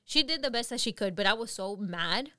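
A young woman co-hosting a podcast, telling work stories in casual chat, animated and laughing often. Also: on the high side, a little fast, no room sound, studio quality. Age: young adult. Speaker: podcast co-host.

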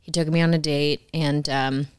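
A woman in her thirties co-hosting a casual podcast, her voice smooth and clear and a little low for a woman. She jokes and banters with easy laughter. The sound is close and dry. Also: flat delivery, normal speed, a little mellow, no echo. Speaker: podcast co-host. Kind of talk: casual chat.

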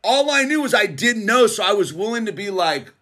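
A middle-aged man hosting his own channel, giving a casual motivational monologue in a slangy, laid-back way, speeding up and slowing down for emphasis. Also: high voice. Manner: laid-back slangy, keeps saying "dude"; animated, swings between fast bursts and slow emphasis. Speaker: channel host.

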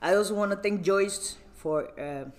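Man, young adult, podcast host, casual rambling chat, self-interrupting, giggly, slightly high voice. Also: normal speed.

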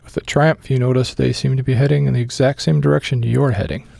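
Male game master, gravelly, low, dry close sound, measured narration with ums. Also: steady tone, dark tone, no echo. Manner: measured narration with filler pauses.

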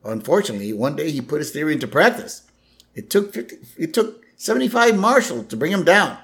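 A man's voice: a little high, big pitch swings, a little fast, gravelly, a bit bright, voice pushed up, exaggerated voice. A man doing a chipper cartoon mom. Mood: breezy. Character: chatty suburban mom, mild and unflappable.

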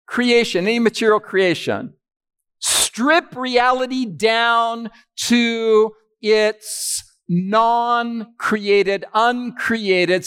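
A man preaching a sermon to an audience in a hall, with a fairly high voice that swings widely up and down. He talks in an unhurried way and keeps asking his listeners questions as he teaches. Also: a bit bright, clean tone.

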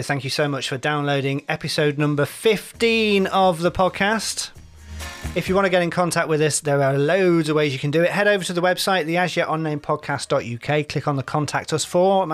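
A man hosting a podcast, brisk and organised with dry mockery. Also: a little high, fairly bright tone. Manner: brisk, organised, dryly mocking. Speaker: podcast host. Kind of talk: casual chat.

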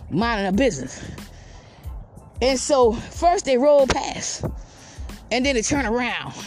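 High-voiced woman telling a rambling tale. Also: darkish tone. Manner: rambling, cusses, tags lines with filler questions. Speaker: storyteller. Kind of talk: casual comic storytelling.

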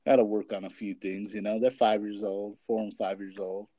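A man's voice: on the low side, little pitch movement, moderate pace, mellow, no echo. A young man in casual chat, rambling with lots of filler words and swearing as he talks about his family. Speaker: parent and kids' basketball coach.

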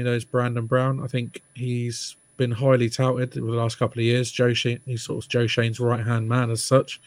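A man talks through sports news on a podcast, unhurried and thoughtful, pausing on ums. His delivery stays flat and even. The sound is dry, with no room in it. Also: medium pitch, dry recording. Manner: measured, halting with ums. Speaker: podcast co-host. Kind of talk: casual sports chat.

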